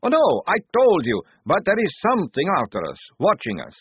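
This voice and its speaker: A man's voice: mid-range voice, huge pitch swings, a little slow, breathy edge, dry recording, voice pushed up, full character voice. A man voicing a jittery young male vampire soldier who stammers in agitation. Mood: agitated. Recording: tinny phone-like sound.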